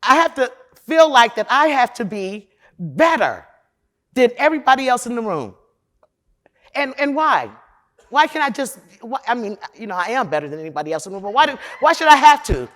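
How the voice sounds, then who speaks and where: A woman from Chicago, a defense lawyer, giving a candid, profane conference talk in a loud, emphatic, opinionated way, speaking straight to the audience. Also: a little high, very animated, brisk. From Chicago, USA.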